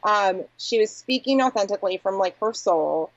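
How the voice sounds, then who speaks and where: A woman's voice: medium pitch, lively intonation, moderate pace, no echo. A woman talks candidly and reflectively as an interview guest, her speech filled with "like" and "you know". The recording is dry and close, with a slightly dull, muffled tone. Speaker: agency founder, podcast guest. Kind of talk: conversational interview.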